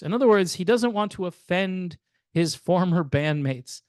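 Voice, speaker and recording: A man's voice: sits high, animated, normal speed, clean tone, no room sound, clean studio sound. An older man hosting a music channel, giving casual, rambling commentary in a sardonic, chatty way with plenty of fillers.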